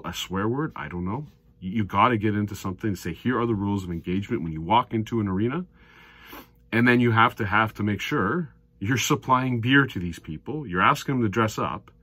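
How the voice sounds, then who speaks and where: Heated guy ranting about darts, husky, dry room. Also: no room sound. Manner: heated, ranting, swings from low mutters to loud outbursts. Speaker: darts commentator. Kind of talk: opinionated solo video commentary.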